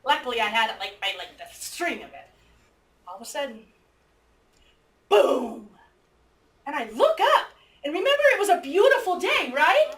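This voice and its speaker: A woman teacher telling a story to her class with lively energy, acting out both sides and breaking into squeals and shouts. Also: high voice, brisk. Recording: echoey room, mic far off, faint noise.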